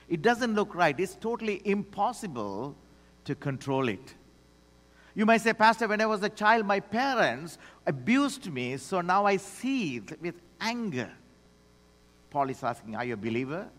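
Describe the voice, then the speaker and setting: A man preaching a sermon as pastor, swinging from quiet low asides to loud commands. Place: church sanctuary. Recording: long hall reverb.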